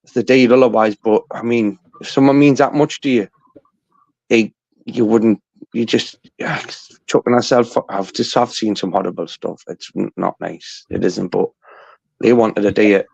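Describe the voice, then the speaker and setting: A man's voice: lowish voice, moderate pace, creaky, darkish tone, no echo. A man hosting a livestream, blunt and crude in casual chat. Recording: dry, dull lo-fi call audio.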